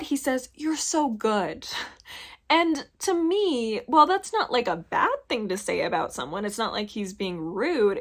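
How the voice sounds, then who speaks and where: A young woman reviewing a book in a casual, rambling chat, frank and full of filler words. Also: mid-range voice.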